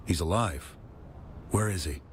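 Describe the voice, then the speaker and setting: Deep-voiced stern swordmaster. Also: male voice, slight background noise. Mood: gruff. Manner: curt, gruff, measured. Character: stern male swordmaster, gruff and guarded. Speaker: game character.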